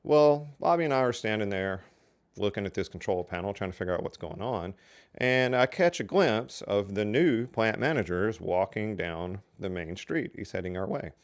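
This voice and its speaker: Speaking at a moderate pace in an expressive, low-leaning voice, this older man spins casual yarns about his working days. He keeps it folksy and conversational, sprinkling in plenty of "you know" and "so anyway."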